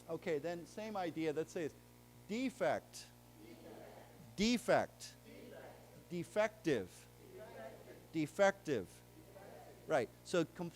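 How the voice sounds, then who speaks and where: A man with a fairly high voice leads a live classroom lecture on vocabulary. He explains each word plainly, checks that everyone follows, and drills the pronunciation by having the class say it back. A faint hum sits under his speech. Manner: drills words and has the class repeat them. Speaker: English teacher. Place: library lecture room with a live audience.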